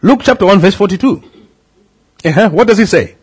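A middle-aged man, a pastor preaching a sermon, calling out questions to the congregation with a husky voice. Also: animated, fairly quick. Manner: preaching with swooping pitch, calls to the congregation.

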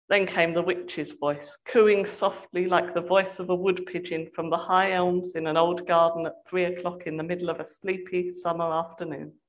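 A woman reading a novel aloud in a measured, expressive storytelling voice. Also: lowish voice, muffled recording. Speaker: reader.

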